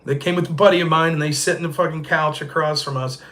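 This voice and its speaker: A man in his forties hosting a podcast, telling a profane, animated story in a casual chat style. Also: fairly high pitch, quick pace. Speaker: podcast host.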